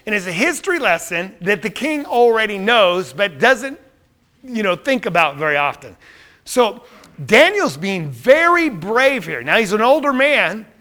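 A man's voice: high-pitched, very animated, measured pace, sharp tone. A man teaching a Bible study in a conversational way, often checking in with listeners.

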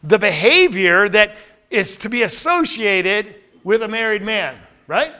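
Bright-voiced man teaching a Bible class. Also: high-pitched, very animated, unhurried, clear, resonant tone. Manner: asks the class questions and reads scripture aloud.

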